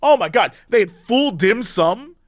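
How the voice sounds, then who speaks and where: High-pitched yet measured in pace, a male podcast co-host recounts stories in a relaxed chat full of laughs, lively and animated as he tells them. Clean studio sound, no room sound.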